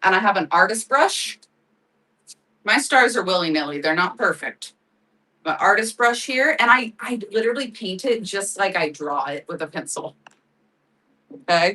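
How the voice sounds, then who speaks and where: A woman's voice: on the low side, expressive, normal speed, sharp tone, distant mic, low-quality recording. A woman hosting a live craft sale, chatting casually, laughing often and thanking viewers by name. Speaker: live-selling crafts host. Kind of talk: casual livestream chat.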